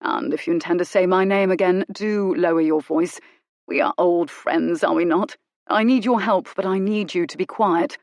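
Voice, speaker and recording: A woman voicing a composed gentleman who speaks quietly and reasonably. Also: lowish voice, steady tone, normal speed, no room sound, clean studio sound, natural voice. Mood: calm persuasion.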